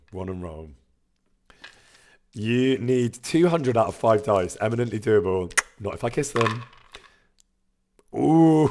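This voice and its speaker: A man's voice: on the low side, a little mellow. A man chatting casually on a live stream, reading out viewer messages and laughing often.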